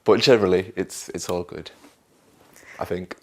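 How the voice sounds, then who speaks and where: Lively Northern English actor, low voice. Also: male voice, moderate pace, slight background noise. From north of England. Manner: animated, self-mocking, acts out other voices. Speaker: actor being interviewed. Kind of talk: candid interview talk.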